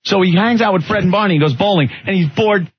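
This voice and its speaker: A man co-hosting a radio show, telling stories in an animated way and laughing often. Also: high-pitched, fast, breathy edge. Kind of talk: casual radio banter. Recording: dull lo-fi radio broadcast.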